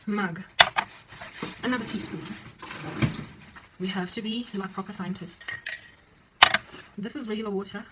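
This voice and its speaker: Woman, South African accent, playful chatty vlogger, middle pitch, home kitchen, heavy dish and cutlery clatter. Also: fairly even intonation, a little slow, pauses often, very noisy. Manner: playful and chatty, breaks into sing-song asides. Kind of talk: casual vlog with a kitchen demonstration. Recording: loud clinking dishes and cutlery behind. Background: clattering dishes, pots and cutlery.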